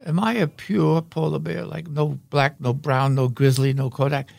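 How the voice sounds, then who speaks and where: A man's voice: fairly high pitch, fairly even intonation, moderate pace, gravelly, darkish tone, no echo. An older man voicing a small, innocent baby polar bear in a joke, asking plaintive questions. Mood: earnest.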